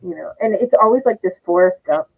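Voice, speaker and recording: A woman's voice: lowish voice, a little fast, vocal fry, husky, poor audio. A middle-aged woman comedian telling rambling funny stories, laughing often and acting out what others said. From Japanese heritage. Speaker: comedian guest. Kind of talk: casual comedic storytelling.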